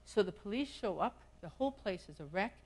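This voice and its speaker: A woman's voice: mid-range voice, lively intonation, a little fast, a little mellow, poor audio. Impassioned woman giving a conference talk. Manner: impassioned, questioning, urgent delivery. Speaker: conference speaker. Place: conference hall.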